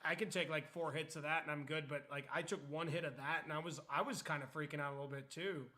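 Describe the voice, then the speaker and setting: A young man streaming, chatting casually and telling a story with lots of swearing and loud, animated retellings. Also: on the high side, fast talker. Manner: animated, swears freely, acts out quotes loudly.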